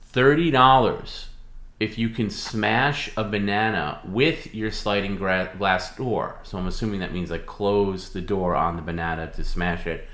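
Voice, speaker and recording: A man's voice: fairly low pitch, measured pace, a bit bright, reverberant. Coaxing man reading viewer offers. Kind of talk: live stream banter.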